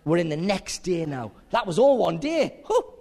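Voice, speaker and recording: Man, preacher, sermon, animated, high lively voice, echoing hall. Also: moderate pace, vocal fry. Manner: animated, acts out scenes with voices. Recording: long hall reverb.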